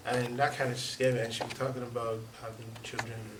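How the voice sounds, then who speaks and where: A man's voice: mid-range voice, level tone, fast. A man telling his own story to a church audience in a chatty way, with frequent laughs and lots of "you know.". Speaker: church member giving a testimony. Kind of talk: casual storytelling before an audience. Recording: echoey hall, distant mic, audience noise.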